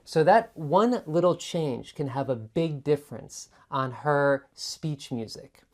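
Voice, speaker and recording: A woman's voice: sits low, lively intonation, slow, darkish tone. A woman tutor explaining test answers in a chatty teaching manner, demonstrating intonation by repeating words. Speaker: TOEFL tutor. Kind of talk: explaining student sample answers.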